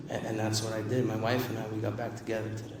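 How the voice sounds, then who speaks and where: A man's voice: lowish voice, completely flat delivery, fast talker, noisy background. A man giving a personal recovery testimony to a live convention audience, talking in a conversational, emphatic way and repeating key lines for the crowd. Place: large convention hall. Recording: distant echoey convention hall recording.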